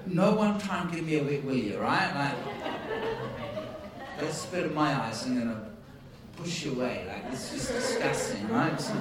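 A male preacher telling stories in a joking, conversational sermon style before an audience. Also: mid-range voice. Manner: jokey, conversational, laughs at own stories. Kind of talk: humorous storytelling sermon. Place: large hall with audience. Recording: echoey hall, distant mic, audience.

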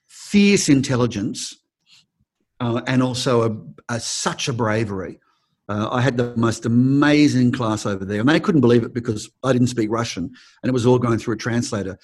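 Expressive Australian man, acting teacher. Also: mid-range voice. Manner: expressive, acts out quoted people, frequent restarts. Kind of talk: interview answers, storytelling.

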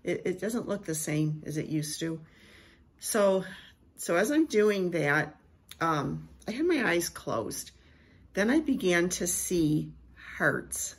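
A middle-aged woman, a Christian prophetic speaker, slowly and reverently reading a prophetic word and sharing a vision. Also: on the low side, expressive, breathy edge.

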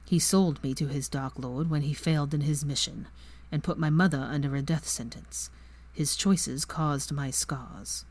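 A woman voicing a quiet, guarded young wizard in a fan story reading, speaking softly and low. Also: normal speed, natural voice. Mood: subdued. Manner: soft, low and subdued.

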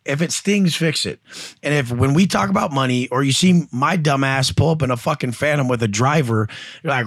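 A man with a mid-range voice talks a little fast in clean, echo-free studio audio. He's a guest entrepreneur and coach in a casual interview, telling blunt, profane stories and voicing the people in them.

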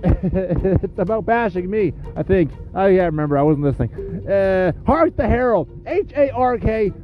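A man's voice: high-pitched, gravelly, muffled recording. A man with a cold hosting a podcast, rambling and cursing through sarcastic trash talk. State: sniffling with a cold. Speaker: podcast host. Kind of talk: rambling crude comedic monologue.

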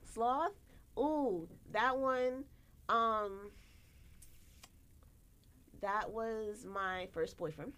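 A woman's voice: very slow, long pauses. A young American woman, a podcast co-host, telling stories in casual chat and acting out quotes with big jumps in her voice. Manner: animated, acts out quotes with big pitch jumps.

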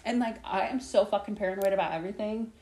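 A woman's voice: medium pitch, quick pace, darkish tone. Young woman, podcast host, casual rambling, frequent swearing, topic-hopping. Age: young adult. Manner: chatty, swears a lot, jumps between topics.

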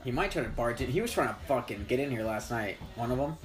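A man's voice: mid-range voice, expressive, quick pace, over music. A young man hosting a podcast, rambling through casual stories with a lot of swearing. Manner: rambling, profane storyteller. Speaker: podcast host. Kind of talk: casual chat.

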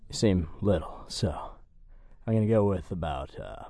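A slow-witted circus strongman who mumbles in a dopey way, voiced by a man. The voice sits very low with a warm, mellow tone. It sounds close and dry. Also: expressive, creaky, dry recording, full character voice. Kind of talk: comedy sketch acting.

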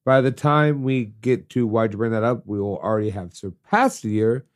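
A man's voice: fairly low pitch, expressive, moderate pace. Congested man co-hosting a podcast. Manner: chatty, with playful teasing. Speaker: podcast co-host. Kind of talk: casual chat.

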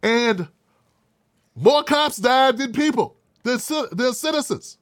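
A male commentator with a high, very lively voice, swooping up and down as he mocks and swears his way through his own online show. He sounds sarcastic and loose, and his voice is dry and close, with no room sound. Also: takes it slowly, no room sound. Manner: sarcastic, mocking, profane. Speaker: independent media commentator.

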